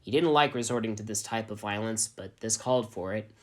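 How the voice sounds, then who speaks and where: Male narrator, deadpan straight reading of a fan story. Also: on the low side, brisk. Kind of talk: dramatic reading of fan fiction.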